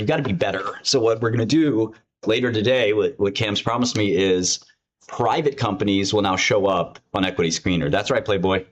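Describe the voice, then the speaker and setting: A man giving casual screen-share commentary as host, ranting in a profane, mocking and excitable way. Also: fairly low pitch.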